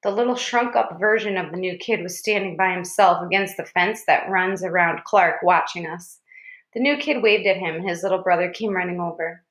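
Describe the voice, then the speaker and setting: A woman narrating a children's novel in a measured storytelling voice. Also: lowish voice, fairly bright tone. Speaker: audiobook reader. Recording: roomy echo.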